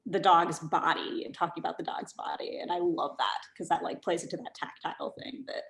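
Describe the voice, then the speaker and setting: A woman gushing over her fellow players after a tabletop game, halting often with fillers. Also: fairly low pitch, steady tone, fairly bright tone, roomy sound, a little hiss or hum. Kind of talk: casual post-game feedback.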